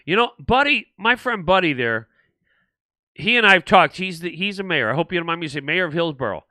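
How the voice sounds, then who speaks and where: A man's voice: high voice, animated, a little fast, bright, forceful tone, no room sound. An older man hosting a political livestream, rambling and indignant, with frequent restarts as he answers viewer comments. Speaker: livestream host.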